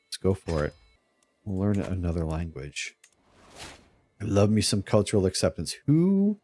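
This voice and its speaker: A man with a fairly low voice talks through his strategy game as a let's play. He chuckles often and sounds playfully scheming as he explains his moves. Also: mellow, no echo. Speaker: streamer playing a strategy game.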